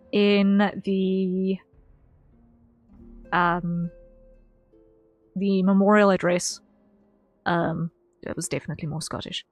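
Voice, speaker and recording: With faint music in the background and no echo, a woman streamer speaks casually to her audience as her session ends. Her medium-pitched talk meanders, looping back on words and padded with ums.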